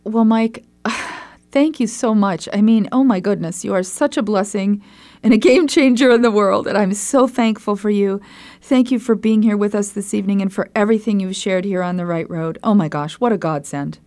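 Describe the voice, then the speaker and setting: A woman's voice: medium pitch, moderate pace, a little mellow. A woman hosts a podcast interview in a mid-range voice. She is effusive and enthusiastic, with frequent exclamations of agreement. She speaks in an ordinary conversational register. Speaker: podcast host.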